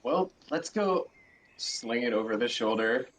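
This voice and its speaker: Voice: mid-range voice, expressive, unhurried. A player in a tabletop role-play chatting casually and describing their character's actions. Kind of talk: casual game chat. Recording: distant mic with faint noise.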